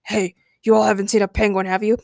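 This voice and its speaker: A woman's voice: mid-range voice, little pitch movement, fast talker, gravelly, darkish tone, dry recording, studio quality, natural voice. A woman voicing a quipping male masked hero in a read-aloud fan story.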